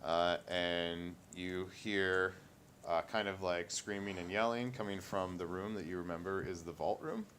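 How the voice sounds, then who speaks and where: A man runs a tabletop game as game master, his voice sitting very low. He narrates in a loose, halting way, leaning on fillers as he sets each scene. A faint rumble runs underneath. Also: fairly even intonation, a bit bright. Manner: casual, halting, lots of "like" and "uh".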